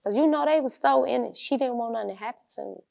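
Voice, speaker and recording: A woman's voice: fairly high pitch, quick pace, vocal fry, a little mellow. A young woman, an interview guest, telling her life story bluntly in street slang and acting out the people she quotes.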